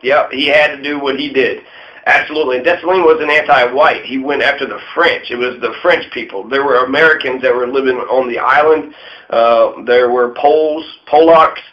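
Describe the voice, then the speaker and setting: A man giving a profane, irreverent casual history monologue, full of mocking asides. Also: fairly high pitch. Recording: dull lo-fi sound.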